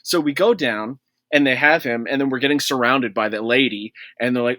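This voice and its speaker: A man co-hosts a casual gaming podcast with a bright, forward voice. He rants in an exasperated, swearing way, and the close mic keeps the sound dry. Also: mid-range voice, brisk, no echo. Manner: exasperated, profane ranting. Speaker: podcast co-host.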